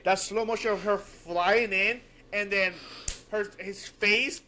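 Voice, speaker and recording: A man's voice: high-pitched, fairly even intonation, slow, sharp tone, slight background noise. A man co-hosting a podcast in casual chat, amused and enthusiastic as he recaps a show. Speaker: podcast co-host.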